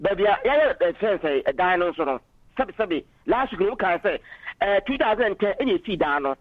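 A man's voice: high voice, sing-song, fairly quick, no room sound. A man calling in to a political radio talk show, arguing passionately and switching into English phrases, heard over a dull phone line. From Ghana.

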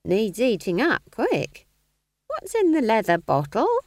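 A woman's voice: a little high, wildly swooping pitch, a little slow, no echo, studio quality, pitched above the performer's own voice. A woman doing a cheeky, earthy old witch. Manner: chatty, blunt and cheeky. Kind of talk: audiobook character voice.

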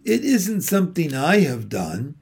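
A man's voice: a little high, sing-song, a little slow, gravelly, darkish tone, breathy edge, heavily acted. A man voicing a weeping, remorseful male faun in a storybook reading, sorrowful and sobbing.

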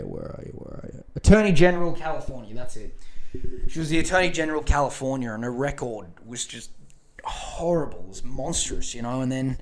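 A man in an average register hosts his own podcast, ranting casually about politics. He swears freely and rambles, circling back with fillers and false starts. His tone stays heated and opinionated throughout. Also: medium pitch. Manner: profane, rambling, animated rants with many fillers. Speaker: podcast host.

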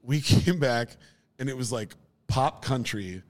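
Man, casual podcast co-host, animated storytelling, mid-pitched voice. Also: unhurried, in a large hall. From Minnesota. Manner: animated storyteller, swears casually, laughs often.

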